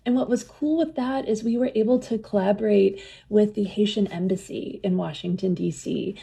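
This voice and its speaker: Woman, mellow and husky, eager interview storytelling, frequent laughter. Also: medium pitch, steady tone, moderate pace. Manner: enthusiastic, laughs often while telling stories. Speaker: museum program leader and guest.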